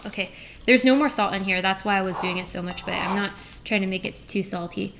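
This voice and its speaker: A woman's voice: medium pitch, fairly even intonation, fairly quick, background noise. A woman streaming live from her kitchen as she cooks, chatting playfully with her viewers, reading their messages aloud and trading puns with them. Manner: playful, punning, reads chat aloud and answers it. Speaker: livestreamer. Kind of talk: live cooking stream chat. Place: home kitchen.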